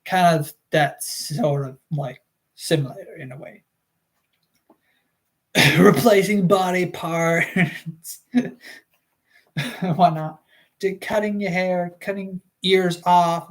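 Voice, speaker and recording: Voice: mid-range voice, steady tone, takes it slowly, pauses often. A streamer reading a book aloud on a livestream, chatting casually and rambling with many fillers.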